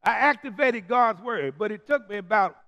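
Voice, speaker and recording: A man's voice: high-pitched, expressive, moderate pace, bright, forceful tone. A man preaching a call-and-response sermon, as a Methodist preacher who throws questions to the congregation and draws out the key words.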